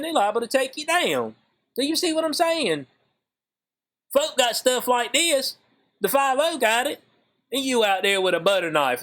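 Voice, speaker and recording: A man giving casual vlog commentary, animated and slangy, swinging from high incredulous exclamations to low muttered asides. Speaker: YouTube commentator.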